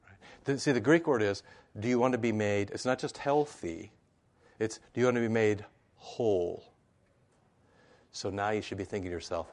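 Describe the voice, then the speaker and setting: A male pastor preaching a conversational sermon in a church, full of asides and rhetorical questions. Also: lowish voice. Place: church sanctuary.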